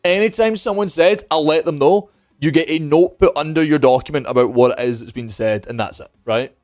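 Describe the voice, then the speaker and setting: A young man with a fairly high voice tells a story in loose, casual chat. He is animated and profane, and he keeps slipping into other people's lines. Faint music plays behind him. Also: fairly quick. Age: young adult. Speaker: streamer.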